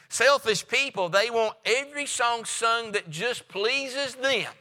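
Male pastor, emphatic sermon delivery, high and very bright, church hall reverb. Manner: emphatic preaching with repeated phrases, drops to a hush for stress.

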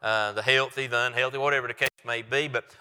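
A man's voice: mid-range voice, fairly even intonation, quick pace, bright, forceful tone, clean tone, in a large hall. A male pastor giving a sermon and reading scripture aloud, talking in a conversational way with frequent restarts. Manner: conversational with many restarts and fillers.

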